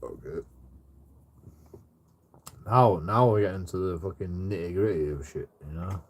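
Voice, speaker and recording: A man's voice: low-pitched, measured pace. A man chatting on a live stream while drunk, swearing a lot and breaking into laughter. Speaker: livestreamer reading out chat. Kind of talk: casual live-stream chat.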